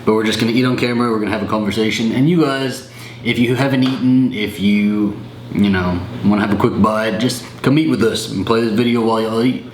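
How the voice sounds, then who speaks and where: A man's voice: on the low side, fairly even intonation, fairly quick. Young man in an echoey home room. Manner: chatty, laughs often, reads a sponsor spot. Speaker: vlogger. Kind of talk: casual vlog chat. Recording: echoey room, faint noise.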